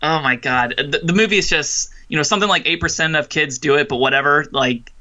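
A man with a very bright, edgy voice talks loosely about movies. He keeps padding his sentences with "like" and circles back over his own thoughts, in relaxed conversational chat. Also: on the high side, a little fast, highs cut off. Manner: rambling, heavy use of filler "like". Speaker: podcast co-host. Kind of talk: casual film chat.

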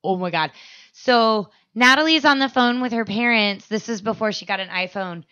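Young woman from arizona on a comedy podcast, bright voice, swears a lot, acts out everyone in her stories. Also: a little high, moderate pace, smooth, muffled recording. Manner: crude, storytelling, laughs often, acts out quotes. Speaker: podcast co-host. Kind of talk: casual comedic chat.

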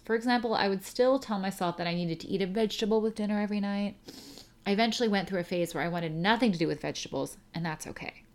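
A young woman hosts a casual solo podcast. She rambles and chats in an emotional way and laughs through tears as she reads a listener email aloud. Her voice sits at a middle pitch for a woman. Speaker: podcast host.

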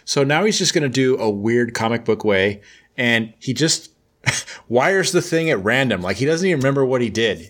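A man's voice: mid-range voice, expressive, moderate pace, fairly bright tone. A man casually retelling a comic book plot as a host, in a mid-range voice. His delivery is joking and sarcastic, with loose conversational storytelling.

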